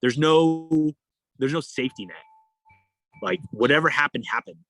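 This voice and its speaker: A man's voice: on the high side, normal speed, dry recording. A young adult man, a guest in a casual interview, telling a story and acting out the voices of the people in it. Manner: animated, acts out quoted dialogue. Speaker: guest, endurance athlete.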